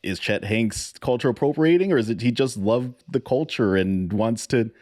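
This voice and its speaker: A man co-hosting a podcast in casual chat, animated and profane, laughing often. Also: mid-range voice, normal speed, no echo, studio quality. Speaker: podcast co-host.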